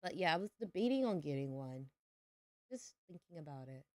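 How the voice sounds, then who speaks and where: A woman's voice: deep voice, sing-song, fairly quick, no room sound, studio quality. A young adult woman streaming a farming game, chatting playfully with her viewers. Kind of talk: casual livestream chat while gaming.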